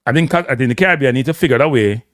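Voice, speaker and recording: A man with a Jamaican accent hosting a casual live-stream commentary, blunt and animated, slipping between patois and standard English. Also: medium pitch, rapid-fire, no room sound, studio quality. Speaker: host.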